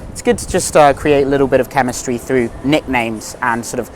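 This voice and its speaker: A man from London coaching viewers in a relaxed voice-over, explaining step by step. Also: medium pitch, a little fast, a little hiss or hum. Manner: relaxed, explanatory, slightly rambling. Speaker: dating coach. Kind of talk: instructional voice-over.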